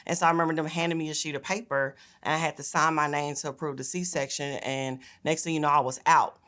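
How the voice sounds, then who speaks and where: A woman's voice: sits low, fairly even intonation, fast talker, fairly bright tone. A young woman, a state senator giving a personal testimony in an earnest, conversational way with frequent fillers. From Memphis, Tennessee.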